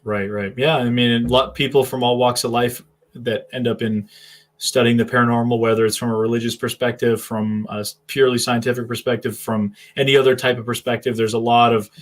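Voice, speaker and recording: A man hosting a casual live stream from a home setup. He is affable and agreeable as he reads viewer comments aloud. His voice sits at an ordinary middle pitch. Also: flat delivery, fairly quick. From southern New Hampshire.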